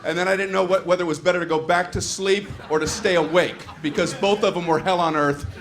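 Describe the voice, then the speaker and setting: A middle-aged stand-up comedian works a live room, his voice sitting a bit high for a man. He tells the story with animated, exasperated energy and slips into quick acted-out voices. A faint hum of live-show noise sits under him. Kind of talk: stand-up routine. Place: comedy stage with audience laughter.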